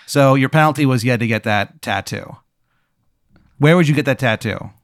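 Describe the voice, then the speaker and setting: A man improvises a bizarre hypothetical for his guest, wandering through details with plenty of "like" and "uh." His voice is smooth and resonant at a middle pitch. The sound is dry and close-miked. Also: moderate pace, dry recording. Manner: rambling, full of "like" and "uh", swears casually. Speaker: host running a hypothetical scenario.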